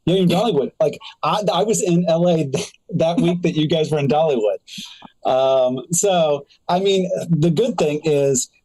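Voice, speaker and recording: A man's voice: on the high side, dark tone, rough recording. Friendly man opening a stand-up set. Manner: halting, friendly banter full of fillers. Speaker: stand-up comedian. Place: live comedy show before an audience.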